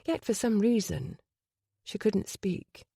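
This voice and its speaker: An audiobook narrator reading a romance novel in an expressive storytelling manner. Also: male voice, high voice, slow, gravelly, slightly rough, no room sound, studio quality. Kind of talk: scripted narration.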